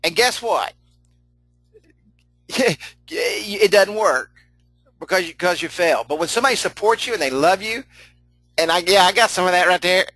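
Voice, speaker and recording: A man's voice: high-pitched, expressive, normal speed, pauses often, pushed and bright, no echo, faint music behind, poor audio. A middle-aged man leading a live online training session, folksy and chatty, laughing often, repeating himself and answering chat comments as he goes.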